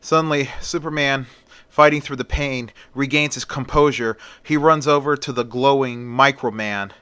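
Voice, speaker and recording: A man's voice: medium pitch, steady tone, normal speed, sharp tone, smooth, dry recording. A man casually retelling a superhero story in a plain, conversational way.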